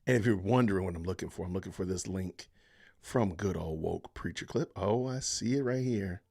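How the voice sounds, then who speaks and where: A man's voice: fairly quick, vocal fry. A man hosting a live-stream podcast, reacting with exasperated commentary, sighing and talking to his viewers. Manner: exasperated, sighing, lively pitch swings. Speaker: podcast host.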